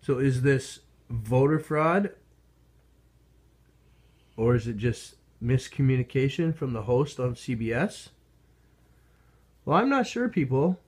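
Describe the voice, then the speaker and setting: A man's voice: medium pitch, lively intonation, slow pace, pauses often, a little mellow. A man from Canada commenting casually into his phone, rambling and sarcastic, with many restarts and chuckles. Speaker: vlogger. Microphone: phone held up to a TV.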